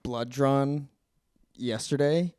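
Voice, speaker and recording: A man's voice: mid-range voice, very slow, clear, resonant tone, no echo, studio quality. Stammering man in casual chat. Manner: hesitant, stammering restarts, animated retelling. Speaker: podcast co-host.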